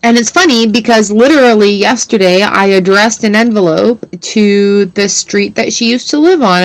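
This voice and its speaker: A woman's voice: medium pitch, moderate pace, few pauses, no room sound. A woman tarot reader chatting casually on a livestream, rambling and laughing often as she pulls cards. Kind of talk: casual livestream chat while reading cards.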